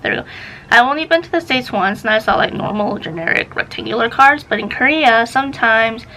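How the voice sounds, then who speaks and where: A young woman talks to her own camera as a book vlogger, chatty and rambling. Her voice sits a touch high with a lot of vocal fry, and a faint hiss of background noise runs under it. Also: lively intonation, brisk, bright, forceful tone, low-quality recording. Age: young adult. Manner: chatty, rambling, easily sidetracked. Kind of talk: casual vlog chat. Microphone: camera facing her, self-filmed.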